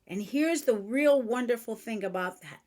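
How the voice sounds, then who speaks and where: A woman's voice: fairly high pitch, animated, normal speed, a little mellow. A woman hosting a podcast, talking frankly and earnestly about changing your own behavior. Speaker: podcast host and author. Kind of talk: motivational self-help talk.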